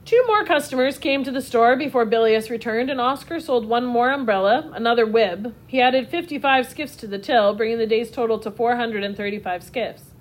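A woman narrating a children's storybook in a steady, expressive reading voice. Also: a little high, moderate pace, hardly any pauses.

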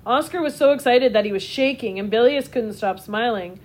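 A woman narrating a children's storybook in a steady, expressive reading voice. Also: a little high, normal speed, few pauses.

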